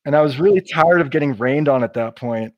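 A man's voice: a little high, brisk, no room sound, lo-fi sound. A man, a podcast guest, telling a hiking story in a casual, descriptive way. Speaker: guest, long-distance hiker.

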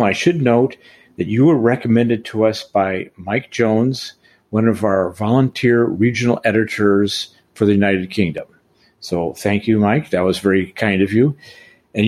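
Man, podcast host, husky, lowish voice, jokey, rambling. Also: darkish tone. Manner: jokey, rambling, self-correcting. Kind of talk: casual podcast interview.

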